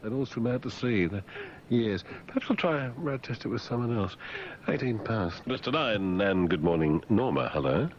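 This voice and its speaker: Deep-voiced, sardonic radio host. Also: male voice, expressive, normal speed, lo-fi sound. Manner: teasing, sardonic, mock-condescending. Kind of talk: talk radio banter.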